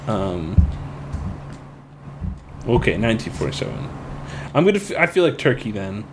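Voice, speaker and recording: A man co-hosting a casual podcast, playful and quick to laugh while answering trivia. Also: on the low side, big pitch swings, a little hiss or hum. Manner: playful, laughs often, tries silly put-on accents. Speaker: co-host and trivia contestant.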